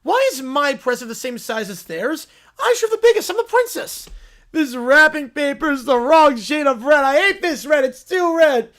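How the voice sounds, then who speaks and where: Spoiled little princess, put on by a reader; high, shrill, demanding, with tantrum shouts. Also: very animated, moderate pace. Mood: whining.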